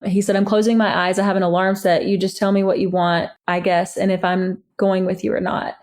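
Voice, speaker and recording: A woman's voice: medium pitch, level tone, a little fast, a little mellow. A woman candidly recounting a painful relationship, reading old text messages aloud with exasperation. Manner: candid, exasperated, laughs at times. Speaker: interviewee recounting her story. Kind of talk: personal storytelling, reading texts aloud.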